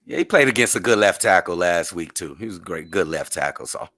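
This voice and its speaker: A man's voice: deep voice, expressive, a little fast. A man co-hosting a sports podcast, playful and hyping up his picks in casual debate. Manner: playful, hypes his picks, loud outbursts.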